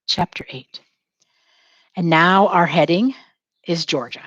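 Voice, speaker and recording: A woman's voice: lowish voice, slow pace, pauses often, no echo, highs cut off. A woman teacher leading a lesson, dictating notes and having students repeat each phrase, spelling words aloud and chatting to herself while she works. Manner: lively, talks to herself while working.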